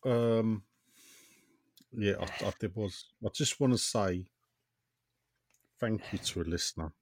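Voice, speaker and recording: A man co-hosting a casual football podcast, rambling and jokey, often trailing off quietly. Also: on the low side, slow pace. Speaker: podcast co-host.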